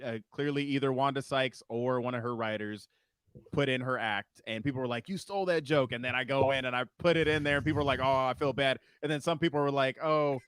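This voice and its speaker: A man's voice: mid-range voice, steady tone, a little fast, fairly bright tone, smooth, dry recording. A man, a comedian hosting a podcast, chatting casually in a rambling way with many fillers. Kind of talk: casual chat.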